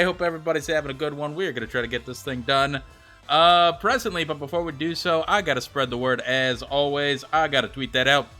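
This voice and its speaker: Bright-voiced chatty male game streamer. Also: fairly high pitch. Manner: chatty, greets viewers by name, laughs often. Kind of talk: casual live-stream chat.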